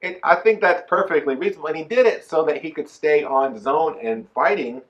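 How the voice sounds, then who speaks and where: A man co-hosting a casual boxing chat show, giving emphatic, animated opinions. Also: a little high, fairly quick, dull audio. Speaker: co-host. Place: Texas.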